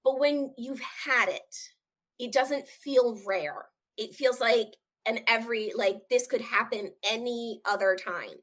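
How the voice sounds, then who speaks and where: Woman, interview guest with a fairly high voice, sharing a hard personal story in an earnest, open way. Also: slow, a bit bright. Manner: earnest, acts out quoted voices.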